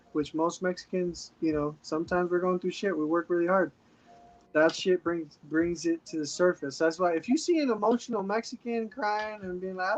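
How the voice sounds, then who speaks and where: A man hosting a livestream in casual chat, laid-back and profane and quick to laugh. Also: sits high, rough recording. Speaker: livestream host. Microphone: streaming mic.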